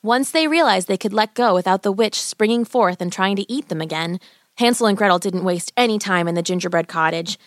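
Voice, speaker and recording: A woman narrating a children's fairy tale in a gentle, even storybook reading. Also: mid-range voice, a little fast, dry recording, clean studio sound.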